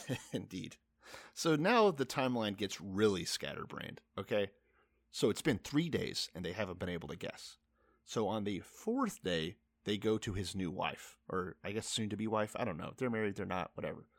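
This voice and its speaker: A young man with a fairly low voice, talking in a wry, easygoing podcast chat and explaining the passage with the odd curse. The recording is dry and close. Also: lively intonation, moderate pace, dry recording. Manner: wry, explains the reading, swears casually. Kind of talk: casual podcast chat reading a Bible story.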